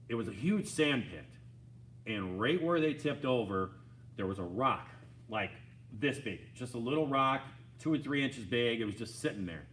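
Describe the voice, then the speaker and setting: A man casually retelling a side-by-side rollover story in a rambling, animated way, full of restarts. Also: fairly low pitch, a little hiss or hum. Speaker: homestead vlogger.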